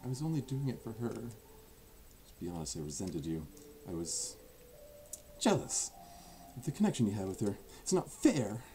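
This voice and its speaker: A man voicing a proud, sharp-tongued teen girl from a visual novel, earnest and sarcastic by turns, often dropping to a whisper. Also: fairly low pitch, sing-song, normal speed, a little hiss or hum. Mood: remorseful. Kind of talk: fan voice acting of a visual novel.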